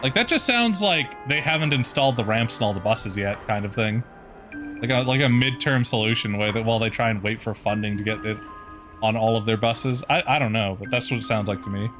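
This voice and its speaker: A man's voice: medium pitch, a little fast. A man casually commenting while streaming a video game, swearing freely as he talks. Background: game music.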